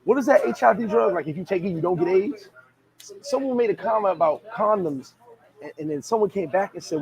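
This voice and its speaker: Animated high-pitched man, gravelly and lively. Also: brisk, low-quality recording. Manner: animated, laughing, slangy storytelling. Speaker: vlogger reading viewer comments. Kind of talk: casual chat.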